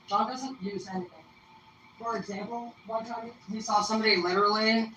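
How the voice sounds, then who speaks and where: A woman's voice: mid-range voice, normal speed, pushed and bright. Rambling, foul-mouthed young woman storyteller. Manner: rambling, profane, laid-back storytelling. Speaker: vlogger telling stories. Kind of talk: casual storytelling. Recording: roomy echo, mic at a distance, faint noise.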